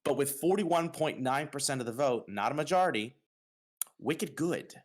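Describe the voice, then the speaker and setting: A man from New York hosting a casual podcast, announcing results with dramatic pauses. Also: mid-range voice, animated. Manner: upbeat, dramatic pauses on reveals. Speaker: host.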